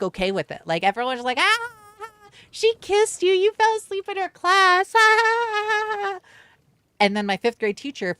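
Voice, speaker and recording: A man's voice: sits high, a bit bright, no echo. A man telling personal stories on a livestream in casual, rambling talk, swearing and filling his lines with fillers. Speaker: livestream storyteller. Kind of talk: casual storytime chat.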